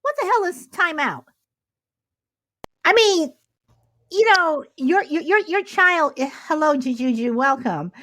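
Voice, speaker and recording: Brief: middle-aged woman co-host, bit high-pitched, animated and exasperated, dry close sound. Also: unhurried, long pauses, no echo. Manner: animated, exasperated storytelling with rhetorical questions. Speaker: podcast co-host. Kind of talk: casual chat.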